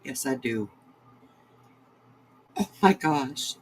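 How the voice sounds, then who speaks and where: A woman, a crochet host chatting to her livestream viewers in a sentimental, halting way. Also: rumbling low, expressive, a little hiss or hum, low-quality recording. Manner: sentimental, halting, many restarts. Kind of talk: casual livestream chat to viewers.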